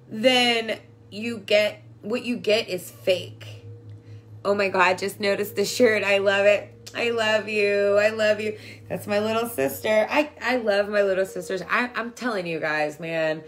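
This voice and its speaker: A mom of a young daughter who vlogs about spirituality, she chats to her viewers about energy and feelings. Her mid-range voice has a fairly bright tone, and she's affectionate and chatty, leaning on "like" and "right?".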